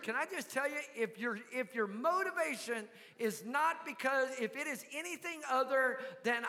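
A man's voice: very high-pitched, animated, moderate pace, hardly any pauses, pushed and bright, long reverb tail. An older man with a Southern US accent preaching a sermon, folksy and asking the congregation questions. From American South. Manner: folksy, asks the crowd questions. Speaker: pastor.

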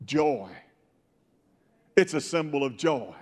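Fervent older preacher in an echoing hall. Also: male voice, on the high side, lively intonation, slow pace. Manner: fervent, bursts into shouts. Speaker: pastor. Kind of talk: Pentecostal sermon.

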